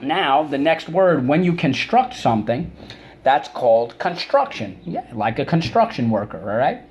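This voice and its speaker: A man's voice: fairly high pitch, big pitch swings, a little mellow, slight background noise. A man teaching a recorded vocabulary lesson for children, drawing out syllables and coaxing students to repeat words. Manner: drawn-out syllables, coaxing repetition.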